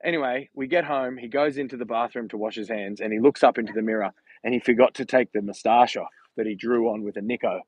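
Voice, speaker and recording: A man's voice: mid-range voice, fairly even intonation, quick pace, slightly rough, dry recording, dull audio. Chatty man vlogging on a walk. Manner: chatty, rambling, laughs while telling stories. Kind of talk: casual walking vlog livestream. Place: outdoors, walking on a street.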